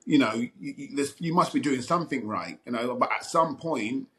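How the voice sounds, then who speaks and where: A man's voice: medium pitch, moderate pace, a bit bright. A middle-aged man, a former footballer telling a long story as a podcast guest, rambling with many fillers and restarts. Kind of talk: casual storytelling interview.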